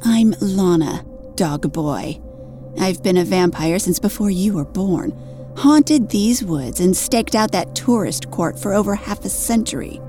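A haughty, ancient vampire woman hisses her claims in a slow, dark voice, as a woman plays her. Faint music lingers underneath. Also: medium pitch, expressive, lightly acted. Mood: possessive. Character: old female vampire, possessive and haughty.

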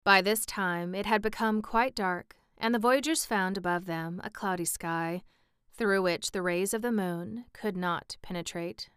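A woman reads a storybook aloud in a steady, even manner. Her voice is very smooth and resonant at a middle pitch, and the recording is dry and close. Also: a little slow, no room sound. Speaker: audiobook narrator. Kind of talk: scripted narration.

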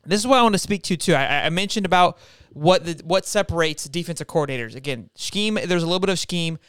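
Excitable sports host, high and clear, emphatic rants. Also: male voice, quick pace, no room sound, clean studio sound. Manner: fired-up, emphatic, keeps tacking on "okay?". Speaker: podcast host. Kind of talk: casual sports talk.

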